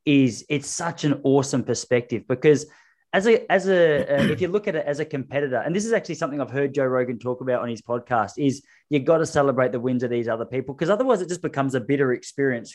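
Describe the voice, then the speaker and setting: A man's voice: medium pitch, a little mellow. A man hosting a casual podcast chat, talking a point through thoughtfully. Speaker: podcast host.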